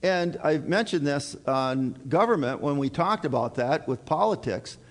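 A middle-aged man preaching a sermon in a folksy, halting way, full of fillers and repeated words. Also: fairly high pitch, lively intonation. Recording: reverberant hall.

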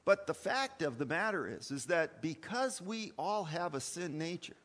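A man's voice: a little high, animated, moderate pace, a bit bright. A male pastor preaching a sermon, emphatic, with rhetorical questions and repeated words, in a church. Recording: long hall reverb.

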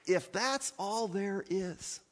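A man's voice: high-pitched, slow pace, in a large hall. A man preaching a sermon in an emphatic style, full of fillers and restarts, in a church. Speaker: pastor.

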